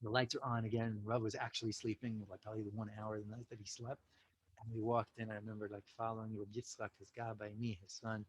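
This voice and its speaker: An American man appears as a podcast guest, telling a story casually and animatedly in a fairly low, level voice at a quick pace. The recording is rough, with a little hiss or hum. He acts out quotes, peppers his speech with "like" and "you know," and mixes in Yiddish and Hebrew religious terms.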